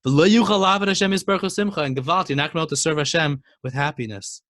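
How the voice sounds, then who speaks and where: A man teaching a Torah lesson and telling a story, speaking emphatically and building to excited exclamations. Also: a little high, fast, no echo, studio quality.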